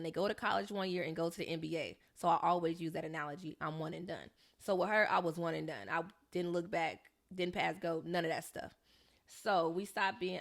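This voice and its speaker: Gravelly young woman telling a story. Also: lowish voice. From Southern California. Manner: animated, acts out quoted voices. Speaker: podcast co-host. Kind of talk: casual storytelling chat.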